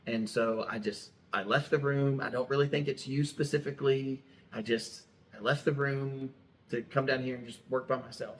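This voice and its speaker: A man's voice: mid-range voice, steady tone, normal speed, a bit bright, slight background noise. A middle-aged man, a pastor co-hosting a podcast, telling stories in a plain, straightforward way and laughing easily. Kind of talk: casual chat.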